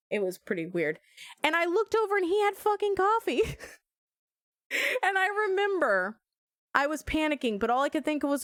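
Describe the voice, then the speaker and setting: A young adult woman streamer telling a story in a casual, animated way while playing a game. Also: high voice, normal speed, long pauses, no echo, clean studio sound. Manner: animated, swearing, laughing storyteller.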